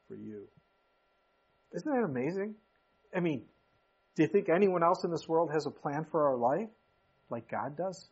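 A man's voice: medium pitch, husky, lo-fi sound. A man preaching a sermon as pastor of his church, in a conversational way with folksy asides.

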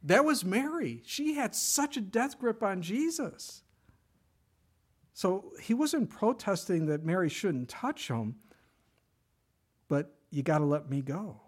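A middle-aged man preaching a sermon in a conversational way, with sudden loud bursts, hushed asides and the odd laugh. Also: high-pitched, big pitch swings, takes it slowly, long pauses, slightly rough. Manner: jokes and laughs with the congregation. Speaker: pastor.

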